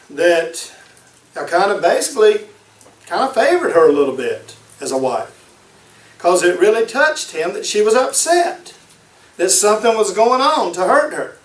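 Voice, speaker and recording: A man preaches a sermon in a fairly high voice and drives points home by repeating them. He sounds set back from the mic in an echoey room. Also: recorded from a distance. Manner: emphatic, repeats key phrases.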